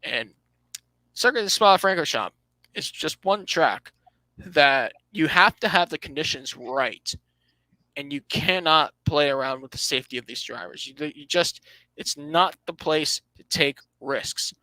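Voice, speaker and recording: Bright-voiced man hosting a racing podcast. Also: fairly high pitch, expressive, measured pace, no echo, rough recording. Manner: reads out standings, restarts phrases, dry sarcasm. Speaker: podcast host. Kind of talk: casual motorsport podcast talk.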